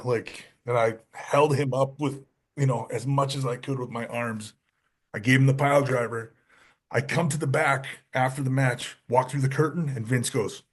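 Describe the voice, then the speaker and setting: A husky-voiced man on a podcast, telling backstage stories in a relaxed, casual way. He slips into a lower, gruffer tone when he quotes other people. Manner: animated, acts out quotes with lowered voice. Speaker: podcast guest, former wrestler. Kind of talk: casual storytelling.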